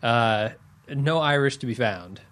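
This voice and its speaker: A man's voice: mid-range voice, lively intonation, measured pace, a bit bright. A man in a casual film chat, easygoing and agreeable, often hesitating.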